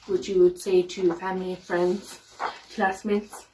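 Slow, careful woman guide leader teaching. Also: on the low side, fairly even intonation. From Ireland. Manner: slow, careful, repeats each phrase. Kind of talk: teaching simple phrases to children. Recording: voice a little far from the mic, faint noise.

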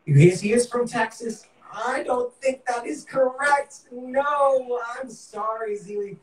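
A man's voice: very high voice, slow pace, roomy sound, distant mic, rough recording. A man with a Boston accent hosting a live-streamed game show, hyped up and talking straight to viewers. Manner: upbeat, hyped, talks to viewers.

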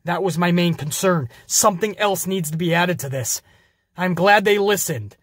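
High-voiced man recapping wrestling, profane. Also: normal speed, breathy edge, dry recording, clean studio sound. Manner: energetic, profane storytelling. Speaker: podcast host. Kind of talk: casual wrestling show review.

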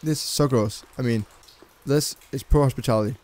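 Playing through a game, a man reacts squeamishly nonstop, swearing and offering crude, jumpy commentary as a let's play gamer. He talks a little fast, with a medium pitch and a darkish tone.

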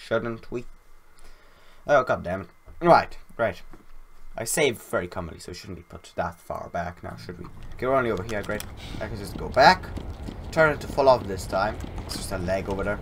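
A man giving let's-play commentary while gaming, excitable and often shouting at the game. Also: lowish voice, normal speed, a little hiss or hum. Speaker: gameplay commentator.

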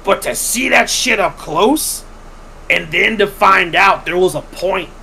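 A man's voice: sits high, unhurried, vocal fry, slight background noise, rough recording. A man hosting a podcast, telling a long story casually with lots of swearing and acting out what other people said. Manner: animated, profane, acts out quoted people.

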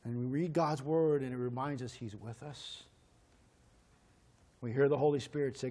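A man's voice: fairly even intonation, moderate pace, pauses often, dark tone. A man pastor preaching a sermon, telling a childhood story and acting out the voices in it, then leading a prayer. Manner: storytelling, acts out voices with pitch swings. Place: church.

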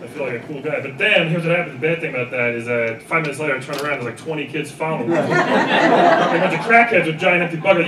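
A man doing a stand-up set in front of a live audience, acting out people in loud put-on voices. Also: medium pitch, moderate pace, pauses often, over a noisy crowd. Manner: animated, acts out people in shouted voices. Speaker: stand-up comedian. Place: live comedy venue with audience laughter. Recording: echoey room recorded from far off with background noise.

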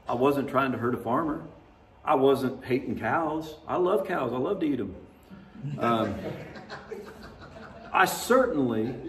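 Folksy preaching man in a roomy church. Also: medium pitch. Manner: conversational, folksy storytelling preaching with laughter. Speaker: pastor. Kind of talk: sermon. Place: church sanctuary. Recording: roomy, distant church mic.

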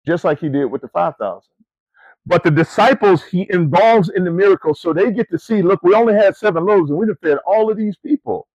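Man, middle-aged, preacher, animated storytelling, emphatic questions, addresses crowd as family, fairly high voice, dry sound. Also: no room sound, dull audio. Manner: conversational, addresses listeners as family and y'all. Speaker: preacher and camp ministry CEO. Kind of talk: sermon to student athletes.

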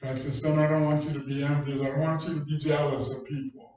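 A man's voice: a little high, level tone, fast talker, darkish tone. A man preaching a sermon, telling a personal story in a folksy, conversational way. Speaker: pastor. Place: church hall. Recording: distant echoey church recording, dull sound.

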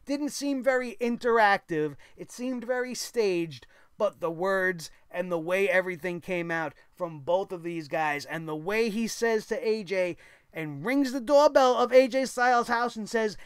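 Blunt, high-voiced male show reviewer. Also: a little slow, clear, resonant tone, dry recording, studio quality. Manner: blunt, opinionated, swears casually. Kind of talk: casual commentary monologue.

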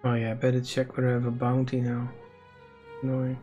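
A man's voice: mid-range voice, completely flat delivery, brisk, dark tone, lo-fi sound, soft background music. A man giving casual commentary while playing a game, muttering to himself with wry remarks and the odd swear. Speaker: let's play host.

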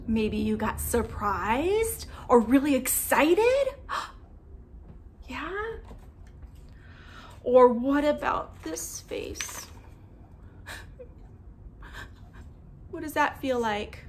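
Slow, high-voiced storytime woman. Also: slight background noise. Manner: gentle, animated, frequent gasps and sing-song prompts. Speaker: children's museum storytime presenter. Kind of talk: storytime for young children.

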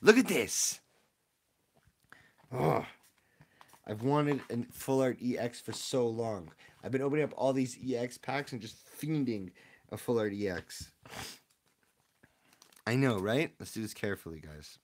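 Excitable man chatting on a live stream. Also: medium pitch, normal speed. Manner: excitable, chatty, talks to viewers. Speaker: streamer opening card packs. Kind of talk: casual live-stream chat.

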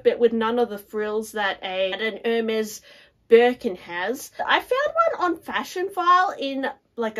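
A young woman vlogging about handbags in casual chat to camera, chatty and full of "like" and "guys". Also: a little high. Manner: chatty, fills talk with "like" and "guys".

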